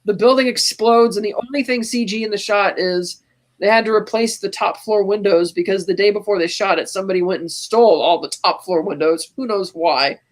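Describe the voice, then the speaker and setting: With a brisk, medium-pitched voice, a podcast co-host animatedly walks through a movie scene by scene, quoting its lines along the way. There's frequent laughter throughout the casual recap.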